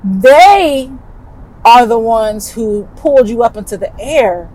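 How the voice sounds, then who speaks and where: A woman podcast host tells a personal story in an animated, emphatic, chatty way. Her voice sits somewhat high for a woman. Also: takes it slowly, low-quality recording.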